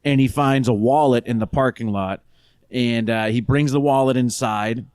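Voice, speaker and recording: A man co-hosting a podcast, telling a rambling anecdote and loudly acting out the voices of the people in it. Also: medium pitch, normal speed, clean tone, no room sound, clean studio sound. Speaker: podcast co-host. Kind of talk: casual chat.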